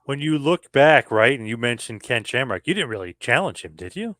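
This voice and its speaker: A man's voice: medium pitch, very animated, brisk, pushed and bright, no room sound. Man, interviewer, brief questions, dry close sound.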